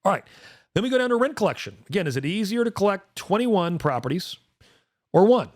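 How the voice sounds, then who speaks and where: Fast-talking emphatic man in his forties. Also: high-pitched, sing-song, a little mellow, dry recording, studio quality. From rural United States. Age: 40s. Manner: fast, emphatic, addresses co-host directly. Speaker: podcast host. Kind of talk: casual investing talk.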